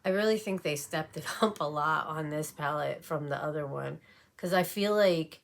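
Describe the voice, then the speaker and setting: Low, gravelly-voiced woman chatting makeup. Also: normal speed. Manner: chatty, rambling, with frequent fillers. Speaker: beauty vlogger. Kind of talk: casual makeup tutorial chat.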